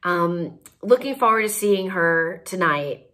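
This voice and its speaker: A woman's voice: fairly low pitch, slow pace. A woman casually telling a funny anecdote, laughing often as she talks. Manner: giggly, laughs through the telling, animated. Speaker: storyteller host.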